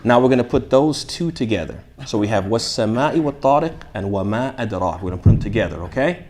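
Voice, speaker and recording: A man leading a tajweed class, explaining rules, asking his students questions and reciting Arabic phrases slowly for them to repeat. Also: fairly low pitch, animated, darkish tone. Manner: asks the class questions then answers them. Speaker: shaykh teaching tajweed. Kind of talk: interactive classroom lesson.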